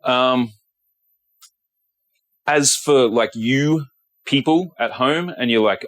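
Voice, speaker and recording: A man's voice: medium pitch, a little slow, pauses often, fairly bright tone, no room sound. A man, a guitar technician, giving a blunt workshop tutorial and often checking in with "okay". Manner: blunt, repeats himself, says okay often.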